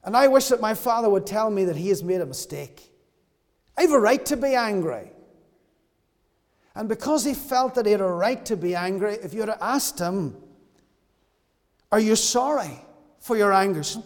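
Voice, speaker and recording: A man's voice: sits high, lively intonation, moderate pace, pauses often, big-room sound. A man preaching a sermon at a church service, impassioned and acting out the voices of characters in the story he tells. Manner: impassioned, acts out voices of the brother and father.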